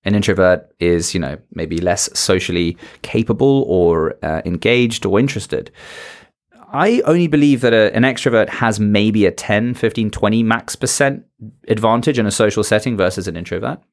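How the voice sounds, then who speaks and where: A man with a lowish voice speaks at a moderate pace as a podcast guest and public speaker, animatedly handing out advice. He shifts his tone and pace to drive his points home in what amounts to a motivational talk within a conversation.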